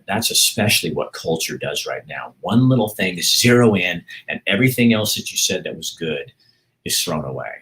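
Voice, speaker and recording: A man hosts a livestream, chatting casually and reading viewer comments aloud in a low-sitting, slightly bright voice. He often rambles and cuts himself off mid-sentence with laughter.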